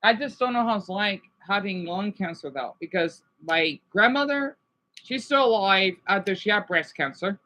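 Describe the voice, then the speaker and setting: A man on a casual livestream, talking to his chat in a halting, rambling, sympathetic way with many restarts. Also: sits high, lively intonation, sharp tone, low-quality recording. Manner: sympathetic and emotional.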